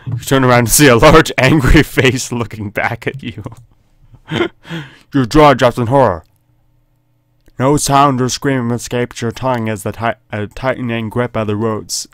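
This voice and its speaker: A man's voice: medium pitch, measured pace, a bit bright, dry recording, studio quality. A man hosting a gaming video, reading a horror text game aloud and making jokey asides, often laughing.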